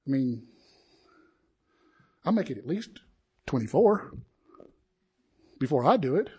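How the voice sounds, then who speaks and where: A man preaching a sermon in an animated way, acting out the crowd's voices and building to indignant peaks. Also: mid-range voice, takes it slowly, husky.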